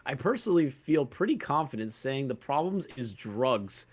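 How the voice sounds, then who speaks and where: A man's voice: mid-range voice, sing-song, moderate pace, heavy background noise. A man talking as a guest on a podcast, reading a post aloud and laughing between comments. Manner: reads aloud with laughing asides. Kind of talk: casual podcast chat.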